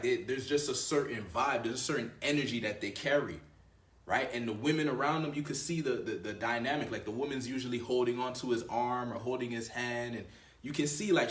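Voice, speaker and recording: A man talking straight to the camera with swagger and bluntness, swearing freely and leaning on filler words as he coaches. His voice sits at a middle pitch, and the sound bounces around a roomy, echoey space. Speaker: dating coach. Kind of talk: casual advice monologue.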